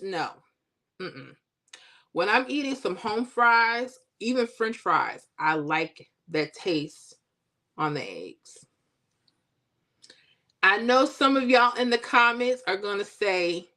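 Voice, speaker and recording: A woman hosting a casual livestream, chatting with viewers and teasing them in a playful, animated way. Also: mid-range voice, unhurried. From Florida. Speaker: livestream host. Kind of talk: casual chat with live viewers.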